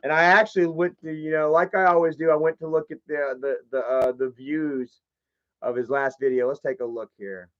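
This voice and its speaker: A man's voice: a little high, steady tone, moderate pace, a bit bright, muffled recording. A man in a casual live stream, rambling, joking and swearing as he opens fan mail. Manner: rambling, profane and jokey.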